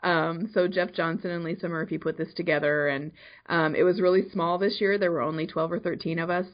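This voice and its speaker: A woman's voice: lowish voice, steady tone, brisk. Woman, early childhood educator, casual podcast, earnest, muffled audio. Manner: earnest, passionate about play.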